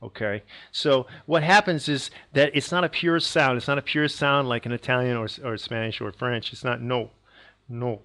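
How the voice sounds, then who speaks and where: Man teaching language, rambling, self-correcting, mid-pitched voice, casual lecture. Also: moderate pace, few pauses, bright, forceful tone.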